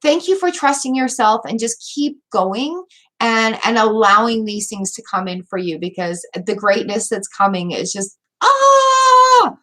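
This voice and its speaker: A woman's voice: medium pitch, moderate pace, fairly bright tone. A woman doing a live tarot reading, gushing and teary as she talks straight to her viewers over a webcam mic at home. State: teary, weepy. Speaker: tarot reader hosting a livestream.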